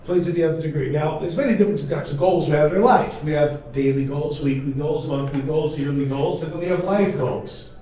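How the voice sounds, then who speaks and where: Energetic rabbi lecturing in an echoey hall. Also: male voice, fairly high pitch, a little fast. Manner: energetic and humorous, with many rhetorical questions. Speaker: rabbi teaching a class. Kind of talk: lively classroom lecture with storytelling. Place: large study hall. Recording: very echoey hall, mic far off, faint noise.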